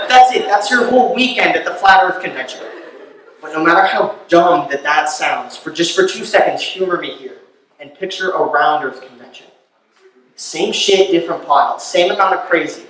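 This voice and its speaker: A man performing a stand-up comedy set, telling a long story and building to loud, incredulous rants. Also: high voice, expressive, normal speed, distant mic, slight background noise. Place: live comedy venue. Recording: very echoey room, voice from off-mic.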